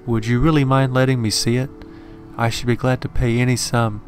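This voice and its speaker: A man's voice: mid-range voice, little pitch movement, fairly quick, faint music behind, lightly acted. A man voicing an earnest, intense occultist. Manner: earnest and apologetic. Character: tall, lean, intense older male occultist.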